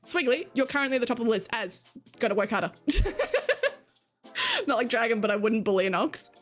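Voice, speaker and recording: A woman's voice: on the high side, wildly swooping pitch, normal speed, a bit bright, soft background music. A woman streaming, chatting with her viewers in a casual way, laughing often and swearing casually. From Australia. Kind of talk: casual chat reading stream chat.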